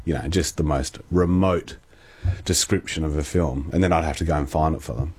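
A man's voice: rumbling low, a little fast, darkish tone, breathy edge. An Australian man in casual chat, telling stories in a chatty way. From Western Australia. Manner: chatty, storytelling.

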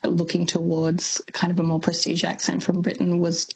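A woman's voice: lowish voice, monotone, normal speed, darkish tone, husky, low-quality recording. A woman linguist as a radio guest, explaining thoughtfully with many ums. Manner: thoughtful, lots of ums, laughs easily. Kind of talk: radio interview.

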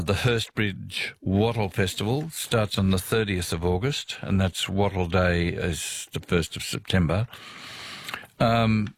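A middle-aged Australian man hosting a casual talkback radio show, chatting, reading listener messages and adding asides. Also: fairly low pitch. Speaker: radio host.

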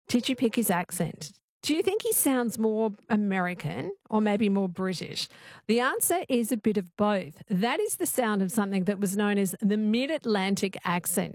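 A woman's voice: medium pitch, gravelly, a little mellow, no echo, clean studio sound. A woman hosting a radio talk show, introducing topics and asking curious, conversational questions. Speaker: radio host.

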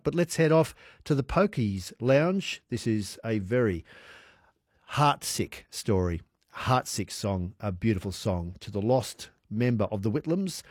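A man hosting a radio show in a chatty, relaxed way, inviting listeners to call in. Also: mid-range voice, no room sound, studio quality. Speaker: radio presenter. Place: radio studio. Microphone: studio microphone.

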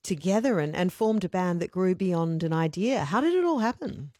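A woman's voice: lowish voice, expressive, moderate pace, mellow, no echo, studio quality. A woman hosting a radio interview, chatty and conversational, sometimes finishing her guest's sentences. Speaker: radio host. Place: radio studio.

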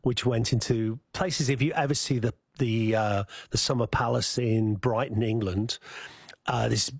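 A man's voice: medium pitch, steady tone, unhurried, husky, dry recording, studio quality. A man with a Scouse accent, a guest chef on a radio show, chatting casually and giving practical cooking tips with many restarts.

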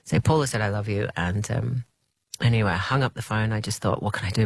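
A woman, an interview guest, telling a personal story in a reflective, halting way, quoting what people said. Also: very deep voice, creaky, no room sound. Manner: reflective, halting, with restarts and quoted dialogue.

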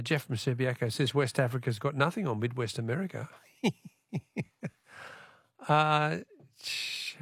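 A man's voice: medium pitch, a bit bright, no echo, studio quality. An Australian man hosting a radio talkback quiz in a chatty, friendly way, with frequent fillers.

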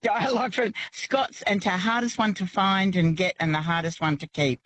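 A woman calling in to a radio show, chatting with many halting restarts. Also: mid-range voice, steady tone, fairly bright tone, rough recording. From Australia. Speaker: caller. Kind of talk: casual radio call-in chat.

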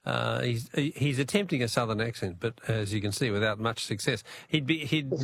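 A man's voice: medium pitch, steady tone, fairly quick, creaky, fairly bright tone. A man with an Australian accent hosting a talkback radio quiz, easygoing and chuckling.

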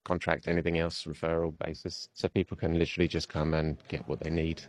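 Very deep, flat man. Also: fast, no room sound. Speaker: occupational therapist. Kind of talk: interview answers.

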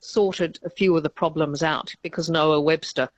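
A woman's voice: low-pitched, steady tone, moderate pace, dry recording. A woman professor of linguistics answering radio interview questions in a chatty, explanatory way, laughing often mid-sentence.

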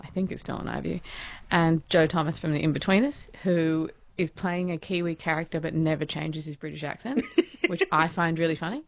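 A woman's voice: fairly low pitch, dry recording. A woman, chatting enthusiastically about a TV show as a podcast co-host. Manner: enthusiastic, chatty, laughs often. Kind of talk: casual chat.

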